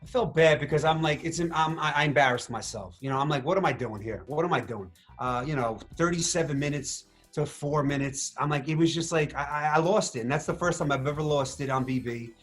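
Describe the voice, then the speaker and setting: A man in a casual interview, telling his story with animated energy, acting out what he said and thought. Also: a little high, brisk, few pauses, faint music behind. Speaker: reality show contestant interviewed.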